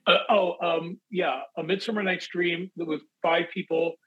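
A man and actor, chatting casually as an interview guest, telling animated stories and bursting into loud acted-out quotes. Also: sits high, normal speed, slightly rough, narrow, tinny audio. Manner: animated storyteller, acts out quotes in big voices. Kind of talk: casual anecdotal chat.

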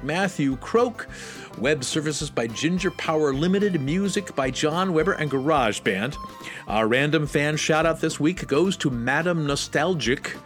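A man hosting a comedy podcast, reading the closing credits in a wry, deadpan way. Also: a little high. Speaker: podcast host. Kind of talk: scripted podcast sign-off.

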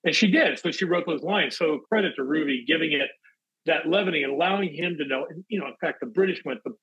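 A man and actor, chatting casually as an interview guest, telling animated stories and bursting into loud acted-out quotes. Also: on the high side, fast talker, husky, muffled recording. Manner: animated storyteller, acts out quotes in big voices. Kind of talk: casual anecdotal chat.

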